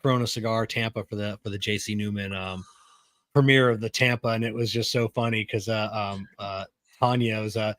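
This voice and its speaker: On a podcast he co-hosts, this man chats casually, telling rambling stories and laughing a lot. His voice is fairly low and fairly bright, with fairly even intonation and a slightly quick pace, captured in a dry, clean studio recording.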